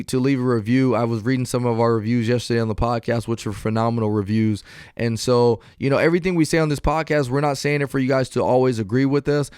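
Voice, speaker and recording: A man of middle pitch with a smooth, resonant voice hosts a podcast in easy conversation. He talks earnestly and encouragingly to his listeners. The sound is dry and close, with no room echo. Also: a little mellow. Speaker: podcast host. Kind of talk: casual podcast chat.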